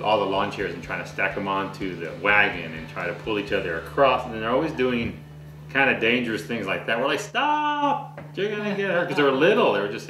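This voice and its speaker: A man telling a relaxed family story in a casual chat. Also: on the low side, echoey room, recorded from a distance, low-quality recording.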